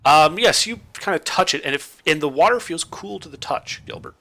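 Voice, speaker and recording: A young man runs a tabletop game, his voice bright and bouncy as he describes each scene. He talks casually, with fillers, into a desk mic at home. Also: a little high, normal speed. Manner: descriptive, lively narration with fillers. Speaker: game master.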